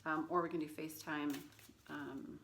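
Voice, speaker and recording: A woman with a low, deep speaking voice talks through a tarot reading in a loose, rambling way. She fills her talk with "um" and "like" and keeps going off on asides. A faint hiss sits under the recording. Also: level tone, moderate pace, a bit bright. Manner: chatty, rambling, full of fillers and asides. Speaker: tarot reader. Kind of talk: casual tarot reading vlog.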